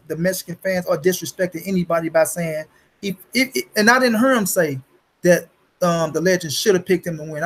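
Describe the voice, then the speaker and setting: A man's voice: high voice, low-quality recording. A man hosting his own boxing talk channel, ranting bluntly and profanely in a casual monologue, repeating points and throwing in "you dig" and "bro.".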